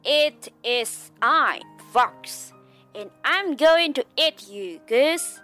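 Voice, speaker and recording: A woman's voice: high-pitched, animated, extremely slow, sharp tone, full character voice. A woman voicing a sly, scheming male fox in a children's storybook read-aloud, speaking in a sneering, commanding way. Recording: faint music behind.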